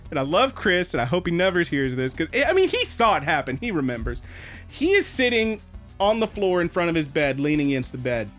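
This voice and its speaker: A man co-hosting an anime podcast, telling stories in an animated, swearing, casual way. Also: on the high side, brisk, soft background music. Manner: animated storyteller, swears a lot. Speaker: podcast co-host. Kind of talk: casual chat.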